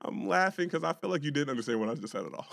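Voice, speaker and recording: A man's voice: fairly high pitch, racing, gravelly, long reverb tail. Laughing, profane man in casual chat. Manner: laughs often, profane, animated storytelling. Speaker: podcast co-host.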